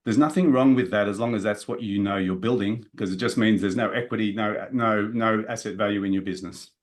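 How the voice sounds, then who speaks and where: A man giving a live business seminar in a direct, energetic way, talking straight to the audience in the room. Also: fairly low pitch, fairly quick. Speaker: business coach presenting a workshop.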